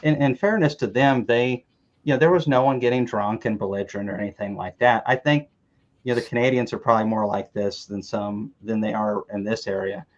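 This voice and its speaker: A man's voice: lowish voice, steady tone, fairly quick, highs cut off. A man from the American South telling rambling, joking stories in a casual chat, often restarting his words.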